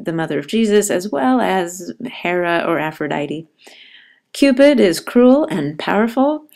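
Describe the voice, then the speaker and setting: A woman teaching poetry over slides, explaining terms and slowly reading poems aloud. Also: lowish voice, a little mellow. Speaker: literature teacher. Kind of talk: educational narration over slides.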